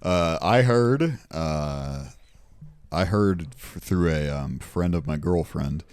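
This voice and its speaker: Deep-voiced man in halting casual chat. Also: animated, darkish tone, clear, resonant tone. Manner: halting, repeats words, chuckling. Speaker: podcast co-host.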